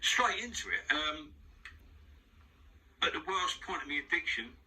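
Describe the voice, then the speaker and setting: A man's voice: on the high side, expressive, measured pace, bright, forceful tone, far from the mic, rough recording. A man with a London accent, talking frankly as an interview guest in a studio, rambling with many restarts. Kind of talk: casual spoken monologue. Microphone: wearing headphones.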